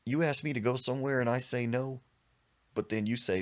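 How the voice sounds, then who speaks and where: A man hosting a podcast, telling a comic story in an animated, emphatic way. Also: mid-range voice, quick pace. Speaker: podcast host. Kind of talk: comedic storytelling.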